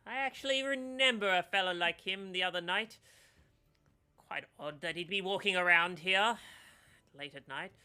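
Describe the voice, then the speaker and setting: A man voicing a flamboyant, fawning old male gnome shopkeeper in a tabletop game, with theatrical, drawn-out exclamations. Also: high-pitched, sharp tone, pitched above the performer's own voice, full character voice.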